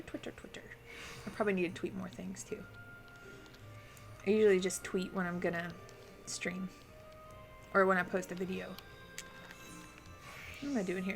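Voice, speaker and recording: A woman streaming a video game, chatting casually and thinking aloud as she plays and answers her chat. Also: mid-range voice. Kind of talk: casual live-stream commentary while playing.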